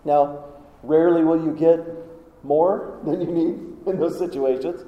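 A man's voice: fairly high pitch, steady tone, measured pace. A man preaching a sermon in a conversational way, often putting questions to the congregation. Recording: echoey hall, dull sound.

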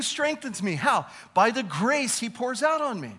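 A man preaching a sermon as a pastor, animated, stretching key words and dropping to a chatty tone for personal stories. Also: very high voice, normal speed, hardly any pauses.

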